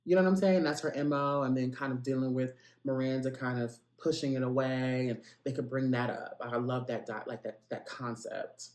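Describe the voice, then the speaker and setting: A man hosting a gossip podcast, with a voice of middle pitch. He talks in a chatty, playful way, jumping into asides and speaking straight to his audience. The recording carries a noticeable room echo. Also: steady tone, normal speed, few pauses, a little mellow. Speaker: podcast host. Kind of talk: casual celebrity gossip podcast.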